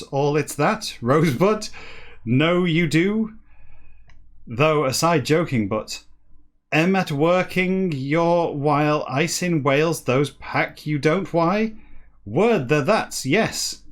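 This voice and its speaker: Deadpan male comic reader, measured delivery, fairly high voice. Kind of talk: comic book reading with asides.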